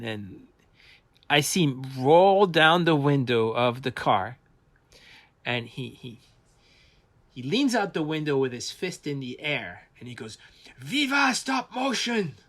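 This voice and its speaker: A man from France, a visual effects artist, telling stories in a casual interview with many restarts and acted-out quotes. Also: medium pitch. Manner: animated storyteller, acts out quoted voices, many restarts.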